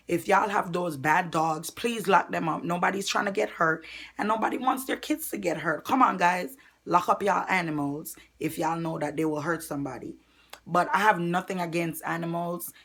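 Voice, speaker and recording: A woman's voice: lowish voice, fairly quick. A woman from Jamaica, telling a personal story to viewers in a storytime vlog. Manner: animated storytelling, addresses viewers directly. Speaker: vlogger.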